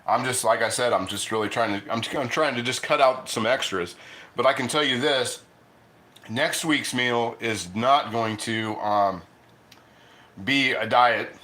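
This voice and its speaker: Bright-voiced middle-aged man chatting while eating. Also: mid-range voice, measured pace. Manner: rambling, chatty, restarts often; eating and talking with mouth full. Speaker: cooking show host. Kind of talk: casual livestream chat.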